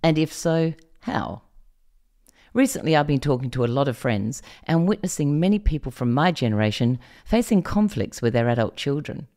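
A woman's voice: deep voice, dark tone. A middle-aged woman from Australia hosting a parenting podcast, delivering a scripted monologue expressively and asking the listener direct questions. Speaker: podcast host.

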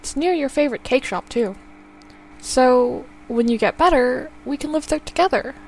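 A woman playing an earnest young man, her voice pushed lower into a soft, pleading tone. He sounds hurt but polite. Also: moderate pace, slight background noise.

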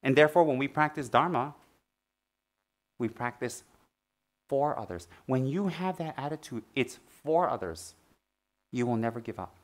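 A man giving a Dharma talk as a Buddhist teacher, teasing and playful, then dropping to soft, earnest teaching. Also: mid-range voice, animated, normal speed, long pauses.

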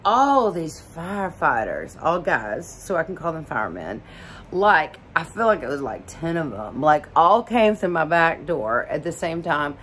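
A woman's voice: low-pitched, big pitch swings, a little slow, fairly bright tone, a little hiss or hum. A middle-aged woman from Alabama telling a story casually, rambling with lots of fillers and laughs. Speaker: vlogger.

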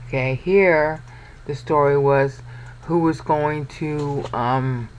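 A man's voice: fairly high pitch, slow pace, dull audio, a little hiss or hum. A man teaching a Bible study over a shared screen, blunt and sarcastic, pointing things out and checking in with "okay".

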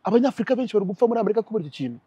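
Young Rwandan man, interview guest, rapid-fire delivery, dry close sound. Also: high voice, slightly rough, dry recording. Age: young adult. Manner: animated, switches into mimicked English voices. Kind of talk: casual interview.

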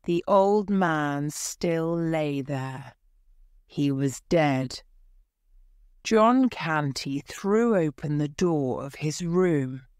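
A woman narrating a graded-reader audiobook in clear, deliberate storytelling. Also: low voice, animated, darkish tone, no room sound, clean studio sound.

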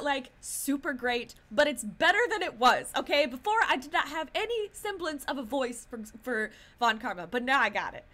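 A young adult woman streams a visual novel, joking and giggling between the lines she reads aloud. Her voice is bright and tense, with a lot of pitch movement. It sits a little high for a woman. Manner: playful, giggly, chatty commentary.

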